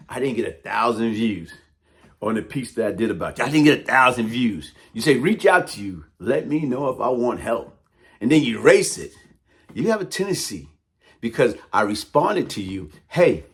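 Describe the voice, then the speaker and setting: A man's voice: medium pitch, very animated, a little slow. A man delivering a heated, taunting call-out monologue in blunt street talk. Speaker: YouTube commentator.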